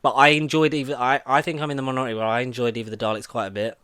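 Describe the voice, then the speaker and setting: A man's voice: mid-range voice, flat delivery, very fast, fairly bright tone, smooth, no room sound. A man co-hosting a podcast, chatting casually and rambling with many fillers and restarts. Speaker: podcast co-host. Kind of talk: casual chat.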